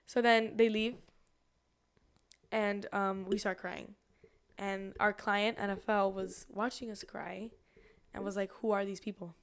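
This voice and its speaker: A woman in her twenties, co-hosting a podcast, telling stories in casual chat with an excitable, animated manner. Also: mid-range voice, measured pace, pauses often, smooth. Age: 20s. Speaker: podcast co-host.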